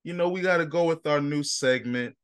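A man's voice: fairly high pitch, fairly quick, clear, resonant tone, no room sound. Laid-back man hosting a casual podcast. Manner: laid-back, slangy, teasing. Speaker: podcast host. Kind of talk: casual chat.

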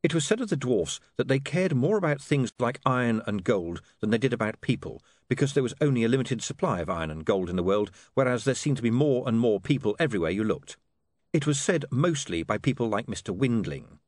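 A man narrates an audiobook in a measured, expressive way. His pitch moves widely through each sentence. The recording is dry and close. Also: no room sound.

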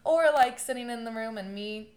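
A woman's voice: fairly high pitch, moderate pace. Chatty woman telling stories, laughing often. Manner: animated storytelling, laughing often, swearing. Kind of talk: casual chat.

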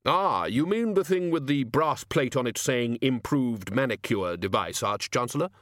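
A man's voice: medium pitch, expressive, moderate pace, a bit bright, no echo, close to an everyday voice. A man voicing a pedantic wizard scholar who sounds dry and exasperated.

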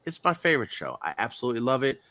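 A man's voice: mid-range voice, rapid-fire. A man co-hosting a podcast, chatting casually and ranting with plenty of swearing. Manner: animated, profane ranting. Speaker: podcast co-host.

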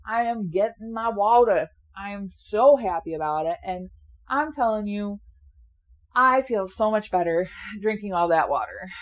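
A woman in her late twenties chats casually and candidly, laughing often and swearing now and then. She sounds a little sleepy, yawning, and her medium-pitched voice is expressive and a bit slow.

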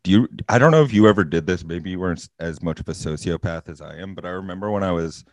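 A man's voice: sits low, quick pace, dry recording. A young man co-hosting a podcast, rambling and self-mocking in casual chat. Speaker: podcast co-host.

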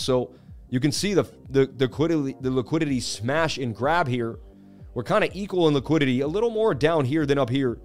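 A man hosting a live-streamed market analysis, talking in an animated, casual, hype-driven way. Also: mid-range voice, a little fast, faint music behind. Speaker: crypto market analyst host.

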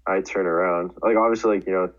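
A man's voice: low-pitched, fairly even intonation, quick pace. A young man telling a rambling school story in casual chat, full of fillers. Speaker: podcast co-host. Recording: dull lo-fi sound.

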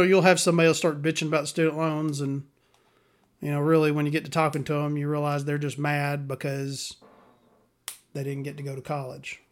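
A man's voice: fairly high pitch, level tone, brisk. A man, hosting a podcast in a rambling, profane, sardonic monologue. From Southern US. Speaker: podcast host.

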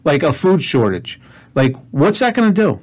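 A man co-hosting a talk show, his voice a little higher than average. He asks incredulous, prodding questions in a casual, conversational way. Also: big pitch swings, normal speed, darkish tone. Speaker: co-host.

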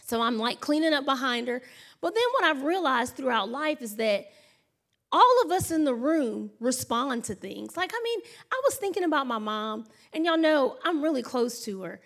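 High-voiced chatty woman preacher. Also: normal speed. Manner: chatty, animated storytelling with laughs and acted-out noises; addresses the congregation as y'all and honey. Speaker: pastor. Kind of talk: sermon.

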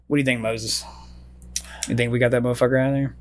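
A man's voice: medium pitch, fairly even intonation, fast talker. A man co-hosting a casual comedy podcast, swearing often, laughing a lot and reading conspiracy theories aloud. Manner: profane, laughing, reads conspiracy texts aloud. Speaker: podcast co-host.

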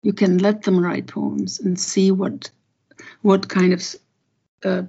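A woman translator talks through her craft slowly, with lots of pauses and restarts. Her voice is gravelly, dark and husky. The recording sounds dull and lo-fi. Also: medium pitch, flat delivery. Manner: thoughtful, halting, many pauses and restarts. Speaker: poet and translator. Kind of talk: unhurried interview talk, reading a poem aloud.

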